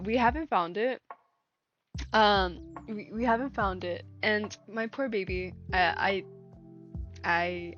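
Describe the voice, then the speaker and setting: A woman's voice: medium pitch, a bit bright. A young woman livestreaming, chatting casually and telling a story with many fillers and restarts. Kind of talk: casual chat. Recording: dull lo-fi stream audio with faint music.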